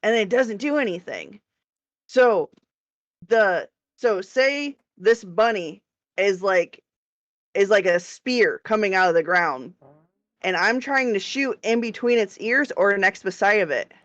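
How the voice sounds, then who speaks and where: A woman co-hosting a podcast, telling a story in an animated way, swearing and laughing as she goes. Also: mid-range voice, measured pace, no room sound. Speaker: podcast co-host. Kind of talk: casual chat. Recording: dull lo-fi dry sound.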